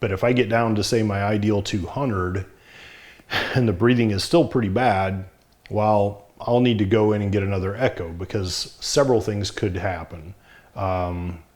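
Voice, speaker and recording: Middle-aged man, low-pitched, plainspoken vlogger, slightly short of breath. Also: a little mellow. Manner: frank, plainspoken, wry. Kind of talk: casual talk to camera.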